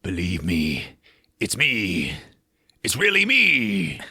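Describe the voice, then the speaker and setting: A man voicing a weak, slimy undead man who pleads for help in a slow, low, gravelly drawl. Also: wildly swooping pitch, sharp tone, no echo, studio quality, heavily acted. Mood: pleading. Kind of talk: comic movie recap impression.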